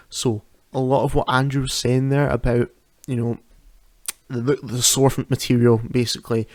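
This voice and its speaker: A man's voice: mid-range voice, darkish tone, dry recording. A man, hosting a casual solo talk at home, chatty and self-deprecating, laughing often and restarting his sentences. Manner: rambling with frequent restarts. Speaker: podcast host. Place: at home at night.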